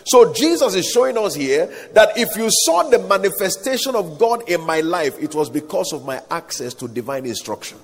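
In a large hall or at an outdoor gathering, a man with a high voice delivers a dramatic sermon, quoting scripture and calling on the congregation to answer back. His pitch swings widely, he speaks at a normal speed with hardly any pauses, and the recording carries echoey hall reverb.

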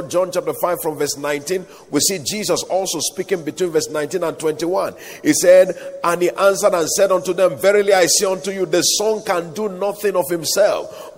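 A man preaching a sermon, reciting scripture and calling the congregation to answer back. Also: sits high. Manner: dramatic, call-and-response preaching with scripture recitation. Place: large hall or outdoor gathering. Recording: echoey hall reverb.

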